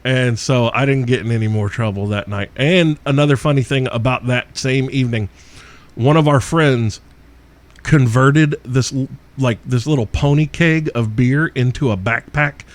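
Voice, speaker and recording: A middle-aged podcast host with a medium-pitched voice and moderate pace shares a wild story. He's casual and profane about it, laughing often as he tells it.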